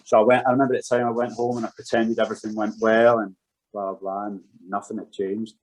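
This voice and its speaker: A man's voice: fairly low pitch, little pitch movement, fast talker, poor audio. A man in his thirties, a podcast guest and former footballer, telling his story candidly and frankly, swearing freely.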